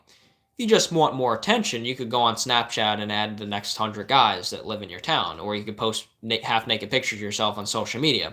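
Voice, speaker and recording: A man's voice: medium pitch, pushed and bright. Earnest rambling young man giving advice. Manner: earnest, rambling, with many restarts and fillers. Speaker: life coach answering live viewer questions. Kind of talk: casual live-stream advice.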